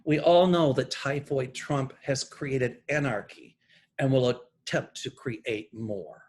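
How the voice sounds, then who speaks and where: Slow, husky-voiced man reading his notes. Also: mid-range voice, expressive, a little mellow. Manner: deliberate, pointed, emphatic political commentary. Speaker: psychic sharing channeled messages. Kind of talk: earnest monologue read from notes.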